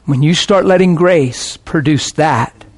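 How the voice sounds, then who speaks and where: A man's voice: fairly high pitch, takes it slowly, slight background noise. A middle-aged man, a pastor, preaching a sermon in a passionate, conversational way.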